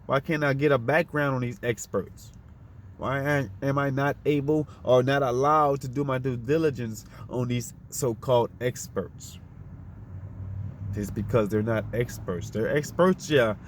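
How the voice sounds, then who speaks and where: A man's voice: medium pitch, fairly even intonation, measured pace, a little hiss or hum. A man delivering a fiery, profane, unscripted monologue, firing off rhetorical questions in a preachy tone.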